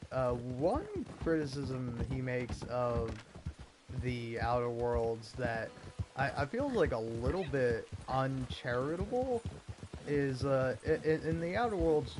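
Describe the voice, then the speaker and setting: A man's voice: mid-range voice, noisy background. A man talking casually over gameplay, rambling and hesitant with many filler words. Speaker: gaming video host. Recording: voice over game music. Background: game music and horse hooves.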